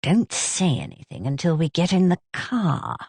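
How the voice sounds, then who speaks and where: A woman voicing a polite, tactful middle-aged gentleman. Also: fairly low pitch, sing-song, normal speed, slightly rough, no echo, exaggerated voice.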